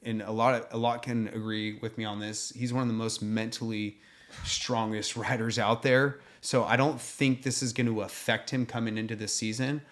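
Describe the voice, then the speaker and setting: A man's voice: lowish voice, little pitch movement, moderate pace, a bit bright. A man co-hosting a casual racing chat, agreeable and a little hesitant, with frequent ums. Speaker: podcast co-host.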